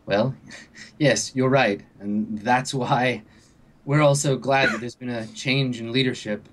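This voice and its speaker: A man's voice: mid-range voice, steady tone, slow pace, lightly acted. Guy doing a stern fleet commander lady, earnest and pleading, normal mid voice. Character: stern female fleet leader, urgent and desperate.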